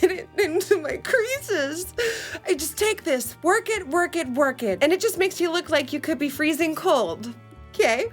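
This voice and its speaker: Bubbly high-voiced woman vlogging makeup. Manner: animated, exclaiming, reading steps aloud with running commentary. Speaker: beauty video host. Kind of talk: casual makeup challenge chat.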